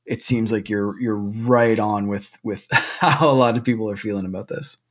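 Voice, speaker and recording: A man co-hosting a gaming podcast in relaxed, rambling casual chat. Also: fairly low pitch, normal speed. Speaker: podcast co-host.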